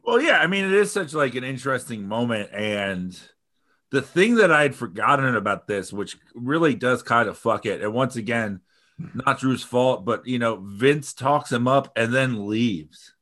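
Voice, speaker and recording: Guy cohosting a podcast, rambles a lot, swears, laughs a bunch, middle pitch. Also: lively intonation, normal speed, a bit bright. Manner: rambling, profane, laughs often. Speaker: podcast co-host. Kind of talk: casual podcast chat.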